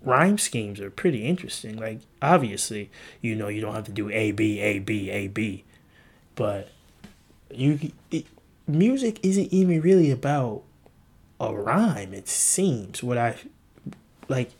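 A man's voice: big pitch swings, unhurried, slightly rough. A man hosting a casual solo podcast, rambling and playful, jumping from jokes to musings and acting out the voices he quotes. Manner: acts out quoted voices with big pitch jumps. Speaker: podcast host.

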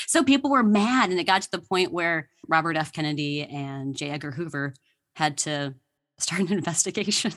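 A woman's voice: deep voice, lively intonation, moderate pace, a bit bright. A woman guest on a podcast, telling history stories with enthusiasm and laughing often. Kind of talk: casual interview chat.

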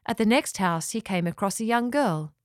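A woman reading a children's story aloud, gently and expressively, dropping lower on narration tags. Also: lively intonation, moderate pace, no room sound, clean studio sound.

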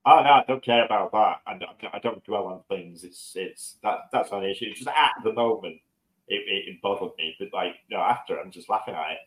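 A man co-hosting a podcast, an animated storyteller who pokes fun at himself in casual chat. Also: a little fast, low-quality recording. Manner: animated storyteller, self-mocking, jumps up in pitch on punchlines. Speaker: podcast co-host.

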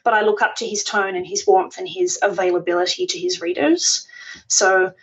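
A woman's voice: medium pitch, big pitch swings, moderate pace, vocal fry, lo-fi sound. A woman guest on a podcast, talking in a chatty, self-deprecating way and laughing often. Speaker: podcast guest, food blogger. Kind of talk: conversational interview.

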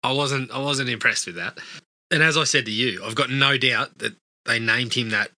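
A man co-hosting a casual film review podcast, relaxed and agreeable, swearing now and then. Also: medium pitch, normal speed, no room sound.

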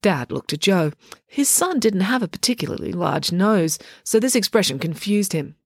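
A woman narrating a children's story, with expressive, animated storytelling. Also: mid-range voice, normal speed, no echo, clean studio sound. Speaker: audiobook narrator. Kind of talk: storybook reading.

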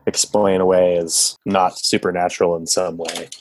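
Low-voiced man with wry quips. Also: little pitch movement, normal speed, no echo. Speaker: guest actor. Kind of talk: casual podcast chat.

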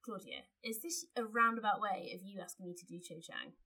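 A woman co-hosting a casual podcast and reading a story aloud, wry and expressive. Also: medium pitch, fairly quick, slightly rough, rough recording. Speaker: podcast co-host.

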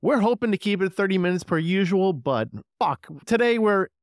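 A man hosting a horror movie podcast in casual chat, excited and swearing freely. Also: high-pitched, moderate pace, smooth, no echo, studio quality. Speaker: podcast host.

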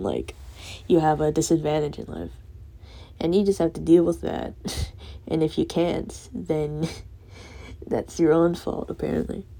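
A drowsy young woman ranting late at night, rambling and swearing with soft laughs breaking in. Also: deep voice, creaky. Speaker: vlogger.

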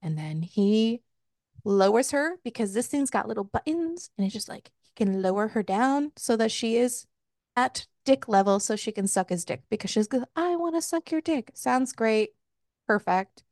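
A woman's voice: fairly high pitch, lively intonation, moderate pace, a little mellow, dry recording. Chatty woman recapping a book, dry sound. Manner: candid, laughing, retells scenes with quoted lines. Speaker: podcast host recapping a book. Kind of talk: casual book club chat.

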